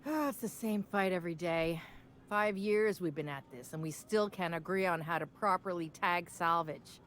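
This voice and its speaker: A woman's voice: on the low side, normal speed, a bit bright, a little hiss or hum, natural voice. An actress voicing a stern, weary female tavern keeper in a video game, firm and motherly.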